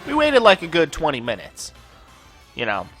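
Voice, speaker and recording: A man's voice: fairly high pitch, huge pitch swings, normal speed, a bit bright, soft background music. A man hosting a gaming channel, telling a long personal story over gameplay in a casual, profane, ranting way full of filler words.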